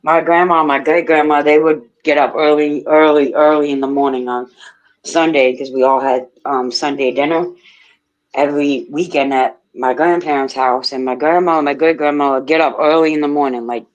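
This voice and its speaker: A woman's voice: sits low, fairly even intonation, moderate pace, lo-fi sound. A woman hosting a live radio chat who tells rambling stories, laughs often and swears freely. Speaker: radio show host.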